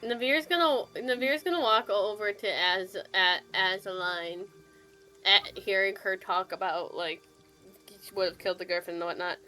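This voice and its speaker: A woman player in a tabletop game, describing her character's actions in a halting way. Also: mid-range voice, sharp tone. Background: background music.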